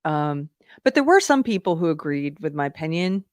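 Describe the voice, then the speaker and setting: A woman's voice: low voice, very animated, moderate pace, a little mellow, no room sound, studio quality. A woman hosting a livestream, giving outspoken, chatty commentary and reading viewer comments aloud. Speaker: livestream host. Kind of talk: casual commentary.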